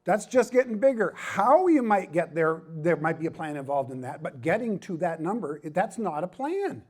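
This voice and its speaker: Husky, higher-pitched man speaking at a conference. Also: expressive, normal speed, darkish tone. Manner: self-deprecating, joking asides, emphatic repetition. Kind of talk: humorous conference talk.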